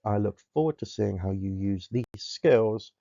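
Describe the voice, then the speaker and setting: Mellow-voiced drama teacher. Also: male voice, lowish voice, measured pace, dry recording. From Somerset, England. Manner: clear, explanatory, demonstrates vocal techniques. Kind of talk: recorded classroom lesson. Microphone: close desk microphone. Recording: dull, lo-fi dry recording.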